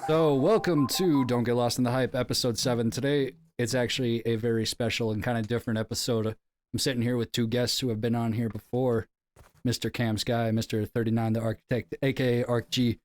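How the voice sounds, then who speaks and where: A man's voice: mid-range voice, steady tone, fairly quick, darkish tone. A man hosting a casual podcast chat, laid-back and rambling with lots of fillers. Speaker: podcast host.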